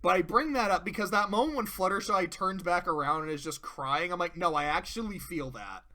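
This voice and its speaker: A man with a high, bright voice gives a casual episode recap. He talks in a loose, animated way, swears often, and slips into quick impressions of the characters as he retells scenes. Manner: animated storyteller who swears and acts out quotes. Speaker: video reviewer.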